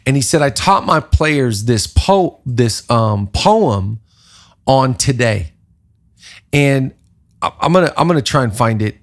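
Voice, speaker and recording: A man with a gravelly, rough-edged voice hosts a leadership podcast. He talks in a lively preaching rhythm and stacks up repeated phrases to drive each point home. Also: mid-range voice, slow. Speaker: podcast host, pastor. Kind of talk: casual leadership podcast talk.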